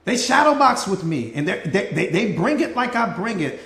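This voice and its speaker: Emphatic high-voiced man coaching live. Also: very animated, normal speed, few pauses, fairly bright tone, echoey room. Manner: emphatic, repetitive, preacher-like cadence. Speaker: life coach. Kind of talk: live-stream motivational talk.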